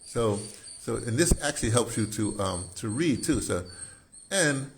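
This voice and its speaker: A man, a poet, explaining his own poem while thinking aloud, halting and correcting himself often. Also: medium pitch, expressive, slight background noise. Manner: musing, self-correcting.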